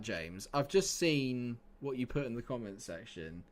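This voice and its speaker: A young man streams a football management game, bantering with chat and suddenly bursting out in exasperation. His medium-pitched voice swings widely in pitch, and he talks a little slowly with few pauses.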